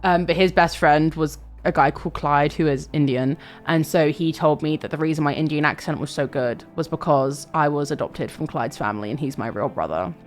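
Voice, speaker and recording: A woman's voice: low voice, a little fast, few pauses, faint music behind. A young woman chatting casually on a livestream, swearing freely and reading chat aloud.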